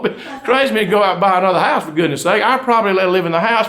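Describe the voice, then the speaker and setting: Racing along with few pauses, the middle-aged Southern undertaker tells folksy comic stories to a live stage audience. His high-pitched, slightly bright voice drawls, and he bursts into laughs at the punchlines.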